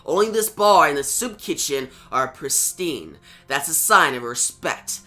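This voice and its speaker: A man voicing a brooding young male vigilante, speaking in low, clipped, curt lines. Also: expressive, measured pace, bright, forceful tone, soft background music.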